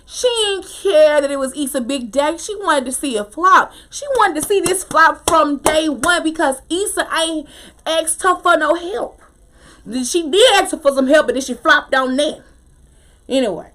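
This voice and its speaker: A woman casually recapping a TV episode, opinionated and animated, with slangy talk and frequent laughter. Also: sits high, a little slow. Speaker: TV show recap host.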